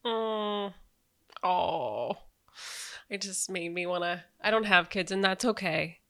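A woman's voice: lowish voice, takes it slowly, crowd noise. A woman hosting a podcast, chatting casually and gushing with enthusiasm. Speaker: podcast host. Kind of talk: casual conversation.

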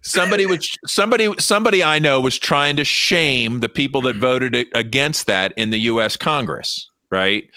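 A man's voice: mid-range voice, animated, normal speed, few pauses, pushed and bright, no room sound. A man in casual chat, wry and hesitant, with lots of "you know" and "um". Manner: wry, hesitant, full of fillers.

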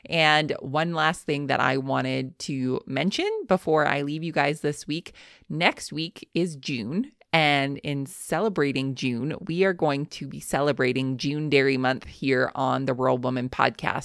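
A woman's voice: extremely low pitch, gravelly, no echo, clean studio sound. A woman hosting a podcast, upbeat and gushing as she interviews a guest and wraps up the show. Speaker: podcast host.

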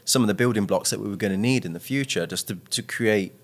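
Low voiced guy on a podcast, thoughtful, gets animated telling stories. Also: fast talker. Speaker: guest. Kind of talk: podcast interview.

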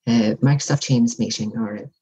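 A woman talks as a guest in a conversational interview. She is reflective and unhurried, and she acts out little example dialogues as she explains. Her voice is mellow and dark with a breathy, husky edge. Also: rumbling low, rough recording. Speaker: workplace wellbeing guest.

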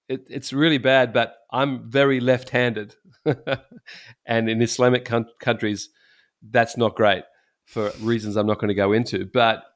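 A middle-aged man, a pastor, telling stories in casual chat, animated and laughing often. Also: medium pitch.

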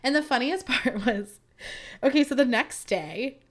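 A woman's voice: high-pitched, lively intonation, unhurried. A woman in her thirties, a podcast host, telling a story in a casual, chatty way with lots of asides to her listeners. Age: 30s.

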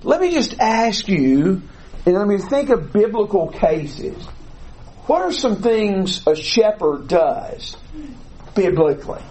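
A man leads a classroom Bible lesson in a high voice. He takes his time and lays each point out deliberately. He often stops to ask the class questions. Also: very animated, dark tone, rough recording. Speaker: Bible teacher.

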